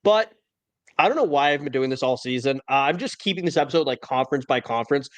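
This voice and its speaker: A man's voice: mid-range voice, lively intonation, fast. A man hosting a casual college football podcast, talking in a wry, opinionated way. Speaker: podcast host. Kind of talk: casual sports talk.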